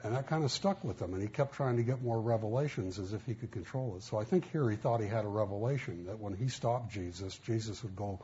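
Low, mellow-voiced man preaching. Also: fast talker, hardly any pauses. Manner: folksy storytelling, acts out quotes. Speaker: pastor. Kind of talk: sermon. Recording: muffled, faint background hiss.

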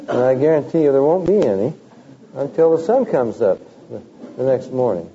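A man preaching a sermon, animated, with rising emphasis and mocking quotes of the teachers he criticizes. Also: mid-range voice, fairly quick, lo-fi sound, a little hiss or hum.

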